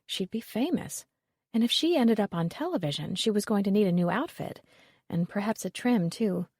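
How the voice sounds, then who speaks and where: A woman reading a mystery novel aloud as an audiobook narrator, in an even, steady manner. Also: medium pitch, normal speed, husky, no room sound, clean studio sound. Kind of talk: scripted narration.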